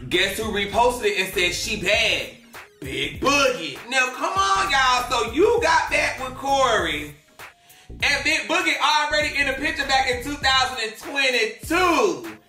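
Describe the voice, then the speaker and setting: A woman hosting a drama commentary, loud, laughing and swearing as she rants. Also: high-pitched, sing-song, measured pace, roomy sound, soft background music. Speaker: commentary host.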